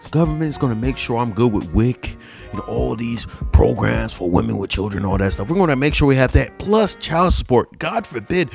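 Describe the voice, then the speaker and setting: A man's voice: mid-range voice, animated, normal speed, vocal fry, soft background music, voice pushed down. A man putting on the voice of an entitled divorced woman in a sing-song, mocking way.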